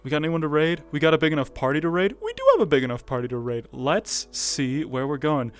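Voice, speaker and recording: A man's voice: fairly high pitch, expressive, fast, clean tone, faint music behind. A man streaming a VR roleplay, chatting to his viewers in a loose, rambling way and laughing to himself. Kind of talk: casual VR roleplay stream chat.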